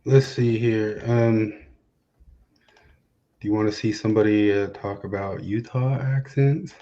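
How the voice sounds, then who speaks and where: A man's voice: lowish voice, steady tone, measured pace, dark tone. Hesitant man on a dull lo-fi mic. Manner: hesitant, lots of fillers. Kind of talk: casual chat.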